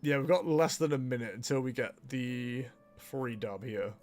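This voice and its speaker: A man's voice: mid-range voice, normal speed, a little mellow, faint music behind. A young man chatting casually on a livestream while he plays, laughing often and poking fun at himself. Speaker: streamer.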